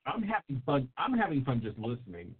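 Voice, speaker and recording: A man co-hosting who chats in a relaxed way. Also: mid-range voice, brisk, husky. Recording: tinny phone-like line.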